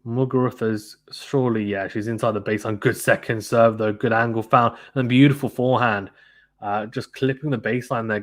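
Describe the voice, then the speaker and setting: A man doing live play-by-play tennis commentary on a stream, chatty and informal, stopping to read viewers' comments. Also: medium pitch. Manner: chatty, reads viewer comments, fillers like "to be honest with you".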